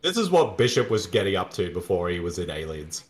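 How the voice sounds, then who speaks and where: Lively, joking man riffing on a movie. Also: sits low, brisk. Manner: joking, wry, laughs at his own lines. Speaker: co-host. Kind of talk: movie watch-along commentary.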